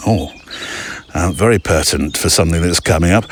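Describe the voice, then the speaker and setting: An English man hosting a podcast, reading listener letters aloud in a chatty, self-deprecating way with lively asides. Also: fairly low pitch, moderate pace. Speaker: podcast host.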